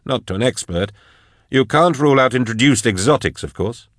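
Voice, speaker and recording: A man voicing a prickly, defensive older male biologist in an audiobook, talking quickly and indignantly. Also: expressive, a bit bright, no echo, clean studio sound, close to an everyday voice. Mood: assertive. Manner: indignant, quick, higher pitched. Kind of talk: audiobook narration.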